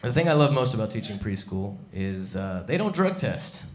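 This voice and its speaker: A man performing a live stand-up set on a comedy club stage, wry and deadpan, speaking into a stage mic. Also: lowish voice, moderate pace, very noisy. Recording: echoey club with loud crowd.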